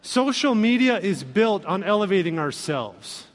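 A man preaching a sermon as pastor, animated and acting out quoted voices. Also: high-pitched, moderate pace. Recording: long reverb of a hall.

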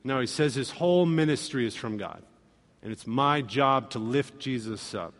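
A man preaching a sermon in an animated way, acting out quoted voices with humor. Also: medium pitch, moderate pace, long reverb tail. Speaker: pastor.

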